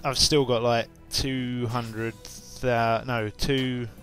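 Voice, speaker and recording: A man's voice: mid-range voice, flat delivery, slow pace, fairly bright tone, soft background music. Rambling, chatty young Englishman. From England. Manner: rambling, chatty, many fillers and restarts. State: just woken up and tired, with hiccups. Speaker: YouTuber. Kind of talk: casual chat to camera.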